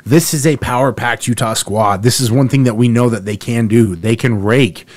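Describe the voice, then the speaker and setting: A man's voice: mid-range voice, normal speed, dry recording. A man co-hosting a casual sports podcast, talking in a rambling, jokey way with restarts. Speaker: podcast co-host.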